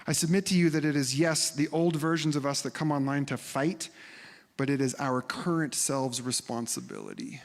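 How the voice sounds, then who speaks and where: Pastor, male, chatty and animated in the pulpit, slightly high voice, reverberant church room. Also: normal speed. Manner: animated, conversational, acts out quoted voices and drops to whispers. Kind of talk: sermon.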